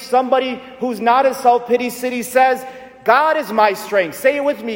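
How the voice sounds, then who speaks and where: A man's voice: very high voice, fairly even intonation, normal speed. A male pastor preaching a sermon, emphatic and repetitive, leading the congregation in call-and-response. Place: large church. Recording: echoey church hall.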